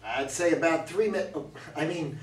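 A man reads a swaggering old cowboy huckster with a folksy drawl and a high-pitched voice. He is heard from across a roomy, echoing hall, as at a stage reading. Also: moderate pace, crowd noise, lightly acted. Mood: cocky, folksy. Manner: folksy drawl, hammy and salesman-like. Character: boastful older male cowboy running a roadside museum. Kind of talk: reader's theater stage reading. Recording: echoey hall from far off.

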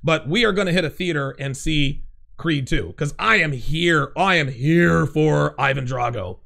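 Blunt, gravelly male livestream host. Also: a little high, a little slow. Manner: blunt, profane, excitable. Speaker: livestream host reading chat. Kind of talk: casual livestream talk.

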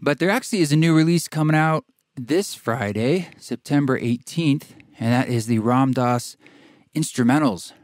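A man's voice: medium pitch, normal speed, no echo, studio quality. Easygoing podcast host guy, chatty and rambly, kinda winded. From Oregon. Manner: rambling, relaxed, with fillers. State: out of breath. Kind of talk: casual podcast intro and interview. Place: tiny house studio.

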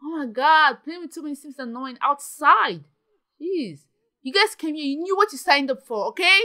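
A young woman giving casual, excitable commentary while playing a video game, gasping and exclaiming often. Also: high-pitched, moderate pace. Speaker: gaming channel host.

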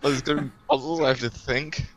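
A man's voice: mid-range voice, fairly even intonation, fast, fairly bright tone, poor audio. A man playing in a tabletop game, joking around and giggling between lines. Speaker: player. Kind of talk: casual game talk.

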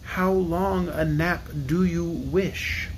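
A man voicing a hungry young dragon, speaking slowly and pleadingly. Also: on the high side, slight background noise. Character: hungry little child dragon.

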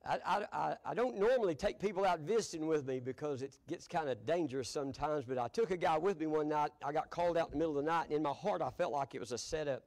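An older man with a drawl preaches in a church, leaning into folksy storytelling. His voice sits high for a man, and he chuckles easily between lines. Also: fast talker, hardly any pauses, a little mellow. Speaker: pastor. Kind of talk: storytelling sermon. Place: church sanctuary.

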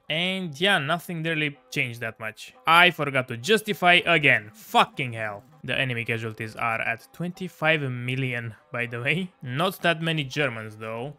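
A man's voice: mid-range voice, bright, forceful tone. A man giving casual, exasperated commentary over a strategy game, swearing and laughing at his own mishaps. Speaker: strategy game video creator.

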